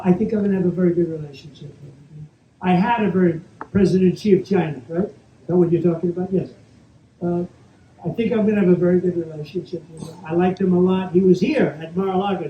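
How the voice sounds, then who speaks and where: A man giving an off-the-cuff Q&A speech as a politician, talking in a repetitive, boastful, rambling way full of asides. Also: sits high. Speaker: politician answering audience questions. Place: event hall at a private club, live audience. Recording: echoey, dull audience recording with faint noise.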